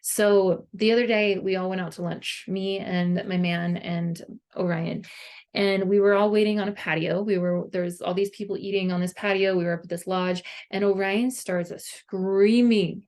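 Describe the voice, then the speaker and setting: A woman's voice: medium pitch, fairly even intonation, moderate pace, darkish tone. A woman vlogger talking to her viewers in a casual, earnest monologue, peppered with "like". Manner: earnest, conversational, heavy use of "like". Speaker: parenting vlogger.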